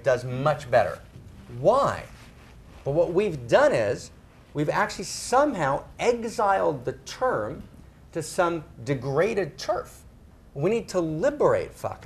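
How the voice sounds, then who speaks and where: A middle-aged man speaks on spirituality and sexuality to a live audience, animated and emphatic. His voice is a little high and creaky; he tags phrases with "right?" and slows down to stress words.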